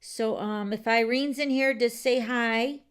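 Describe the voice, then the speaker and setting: A woman's voice: fairly high pitch, steady tone, measured pace, clear, resonant tone. A woman hosting a card-making livestream, chatting casually and rambling with viewers, with lots of fillers and restarts. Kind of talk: casual live chat with viewers. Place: home craft room.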